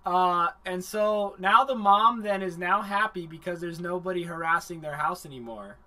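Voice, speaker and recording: On his livestream, a high-pitched man reviews an anime at normal speed, recapping the plot with animated, rambling energy and plenty of profanity.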